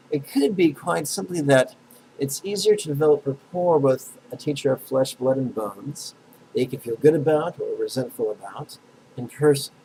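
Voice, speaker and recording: A man teaching a meditation lesson, talking bluntly and drawing syllables out slowly for listeners to repeat. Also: mid-range voice, darkish tone, a little hiss or hum, low-quality recording. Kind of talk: guided meditation lesson with call-and-response chanting.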